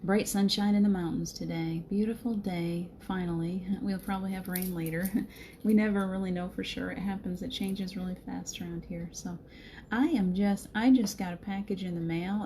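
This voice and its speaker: A woman's voice: mid-range voice, warm tone, a little hiss or hum. A middle-aged woman with a slight Southern American accent, hosting a casual live stream, greeting viewers by name and laughing often. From Southern United States. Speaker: spiritual live-stream host.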